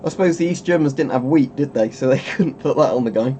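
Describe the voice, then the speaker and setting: A man chats on his webcam stream in a rambling, chuckling way, often breaking off mid-thought. His voice sits at a middling pitch, with a faint low rumble underneath it. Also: fast talker, mellow. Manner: rambling, chuckling, self-interrupting. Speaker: streamer host. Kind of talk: casual webcam stream chat.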